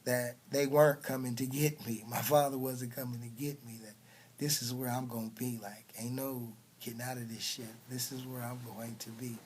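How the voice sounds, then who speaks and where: A man telling a personal story, dropping to hushed whispers and then bursting out loud with punch sounds. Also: mid-range voice, flat delivery, normal speed, slight background noise.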